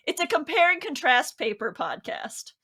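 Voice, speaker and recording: Chatty woman with a bright, higher voice. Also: sing-song, unhurried. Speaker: podcast co-host. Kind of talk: casual chat.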